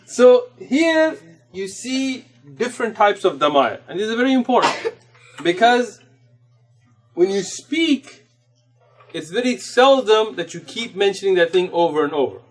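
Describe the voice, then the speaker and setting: A man with a fairly high voice leads an Arabic grammar lesson in a mosque classroom. He explains each point patiently, mixing English with Arabic terms. He reads Arabic passages at a quick clip. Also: expressive. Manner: recites Arabic text rapidly. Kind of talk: classroom lecture.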